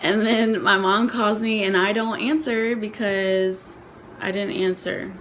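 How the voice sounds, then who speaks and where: A woman's voice: mid-range voice, fairly even intonation, measured pace, fairly bright tone, slight background noise. A young woman and nursing student telling an emotional personal story in a casual vlog, rambling and saying "like" constantly. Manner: rambling, emotional, heavy use of "like". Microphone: phone.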